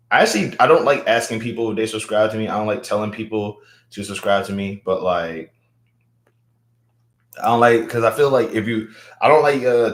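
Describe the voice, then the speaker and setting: A young man from Louisiana, hosting a casual livestream and hyping up viewers, repeating his words as he talks. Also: on the low side. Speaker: livestream host. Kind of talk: casual livestream chat reading viewer comments. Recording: roomy echo.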